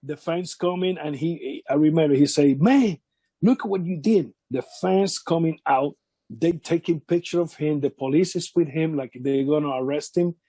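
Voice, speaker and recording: Dark-voiced man telling wrestling stories. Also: on the high side, moderate pace, no room sound. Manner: animated anecdotes, non-native English grammar. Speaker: interview guest, former wrestler. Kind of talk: shoot interview storytelling.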